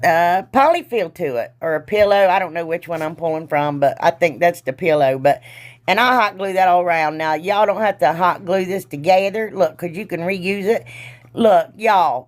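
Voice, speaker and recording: A woman's voice: on the low side, moderate pace. A woman hosting a crafting tutorial in chatty voice-over, rambling and teasing herself, often trailing off with a giggle and calling her viewers "y'all.". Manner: loose and giggly, trails off mid-sentence. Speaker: craft channel host.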